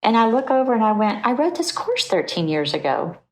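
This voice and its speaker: A middle-aged woman guest on a podcast, telling her story in an animated, chatty way and acting out the voices of people she quotes. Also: on the high side, a little fast, rough recording. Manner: animated, acts out quoted voices, laughs easily. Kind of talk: storytelling in a conversational interview.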